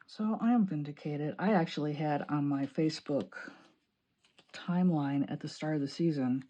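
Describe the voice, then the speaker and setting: A woman from Illinois chatting excitedly while decorating her planner, laughing often. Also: low voice, a little slow, pauses often, lo-fi sound. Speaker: planning vlogger. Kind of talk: chatty crafting vlog.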